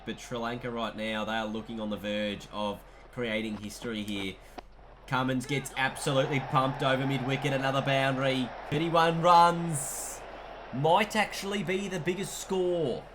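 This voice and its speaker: A man with an Australian accent commentating a cricket video game as he plays, mixing play-by-play calls with excitable asides. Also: medium pitch, noisy background. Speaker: gaming commentator.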